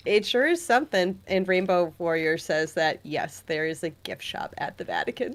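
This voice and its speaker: Low-voiced woman sharing news chattily. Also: lively intonation, normal speed, few pauses. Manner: chatty, laughs through her news stories. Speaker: podcast co-host. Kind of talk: casual chat.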